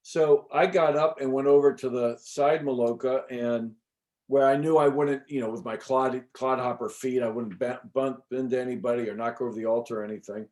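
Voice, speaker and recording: A middle-aged man, an interview guest, telling a personal story in a casual, animated way with many fillers and the odd swear word. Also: mid-range voice, moderate pace. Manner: animated, chatty, frequent fillers and restarts. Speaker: interview guest recounting an experience.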